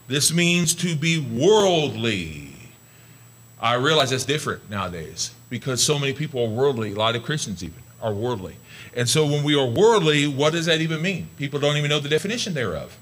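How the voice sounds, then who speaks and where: Middle-aged male pastor, folksy storyteller in the pulpit, bright voice, wide and lively pitch. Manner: folksy storytelling, rising to excited high pitch. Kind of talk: sermon.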